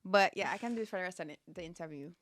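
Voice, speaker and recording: A young woman in her twenties from Jamaica, a model and actress chatting as a guest, playful and quick to joke. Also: lowish voice, fairly bright tone. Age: 20s. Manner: playful, jokey, quick to laugh. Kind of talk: casual chat.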